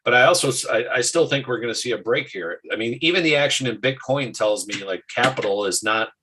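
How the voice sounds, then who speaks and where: A man hosting a casual market talk show, animated and quick to restart his sentences. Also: mid-range voice, background noise.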